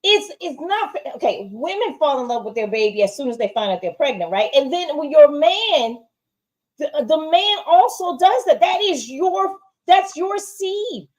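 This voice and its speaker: A woman's voice: high-pitched, expressive, unhurried, a little mellow, rough recording. A woman co-hosting a casual TV review, giving emphatic opinions and often asking "right?". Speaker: show co-host.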